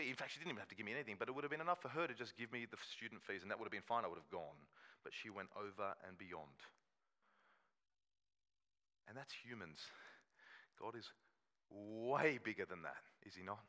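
A man's voice: fairly low pitch, a little fast, pauses often, pushed and bright. A man, preaching a sermon in a conversational storytelling way and acting out quoted voices. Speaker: pastor.

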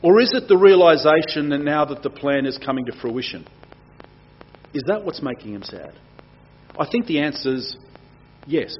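Male preacher, fairly high husky voice, lo-fi recording, performs scripture dramatically. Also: lively intonation, moderate pace, long pauses. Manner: acts out quoted lines with strong swings in pitch and loudness. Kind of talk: sermon with dramatic scripture reading. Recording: dull lo-fi sound.

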